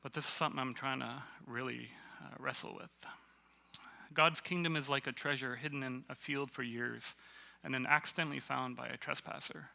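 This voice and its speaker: A man from Canada giving a casual, halting sermon at a church, self-deprecating and full of fillers. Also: mid-range voice, steady tone, gravelly, bright, forceful tone. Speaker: guest preacher. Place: church hall.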